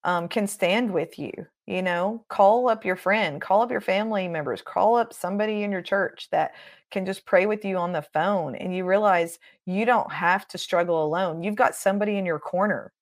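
A woman's voice: medium pitch, moderate pace. A middle-aged woman minister, a guest on a podcast, speaking with fervent, preacherly exhortation. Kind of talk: podcast interview.

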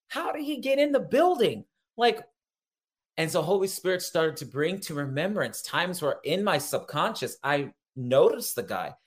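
A man, a pastor and interview guest, telling a personal story in an excitable way, often laughing and repeating himself. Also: sits high.

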